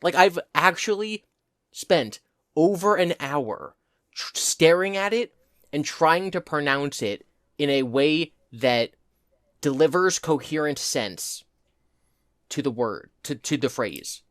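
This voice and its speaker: A man's voice: fairly high pitch, lively intonation, slow, a bit bright, no room sound, studio quality. A man co-hosting a casual podcast, rambling and exasperated as he laughs at himself. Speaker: podcast co-host. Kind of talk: casual chat.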